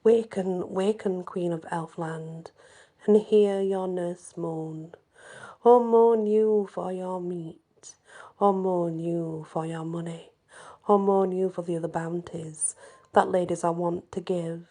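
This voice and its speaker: Woman reading fairy tales real slow, mellow low-ish voice, soft whispery bits. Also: fairly even intonation. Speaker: storyteller. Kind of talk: reading folklore aloud.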